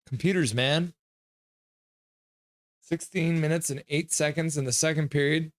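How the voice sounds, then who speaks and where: A man's voice: fairly high pitch, steady tone, no room sound. Man calling hockey play-by-play. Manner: brisk play-by-play, breaks into loud cheers. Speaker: live stream host calling the game. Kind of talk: live reaction play-by-play.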